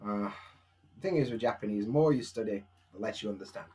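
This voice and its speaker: A man's voice: fairly low pitch, quick pace, dark tone. A young man with a Barnsley Yorkshire accent, chatting casually and self-mockingly at home on a live stream, answering viewers' questions.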